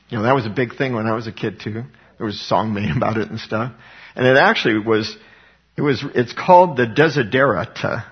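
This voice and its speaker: A middle-aged man preaching a sermon, talking fervently and conversationally with frequent restarts and a husky voice. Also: mid-range voice. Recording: dull lo-fi recording.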